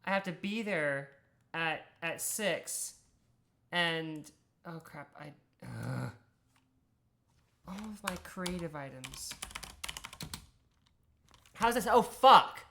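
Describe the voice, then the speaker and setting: A woman's voice: deep voice, drawn-out words, vocal fry, pauses often, a bit bright. A young Australian woman streaming a game, chatting casually, swearing freely and laughing often. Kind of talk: casual chat while gaming.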